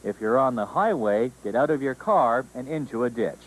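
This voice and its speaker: A male news reporter and show host reading a scripted news report in a measured, formal way. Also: medium pitch, animated, slight background noise, rough recording.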